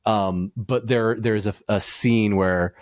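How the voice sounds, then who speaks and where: A man chatting casually as a podcast guest, excitable and laughing often, going off on tangents. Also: lowish voice, slow, no room sound, studio quality. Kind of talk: casual chat.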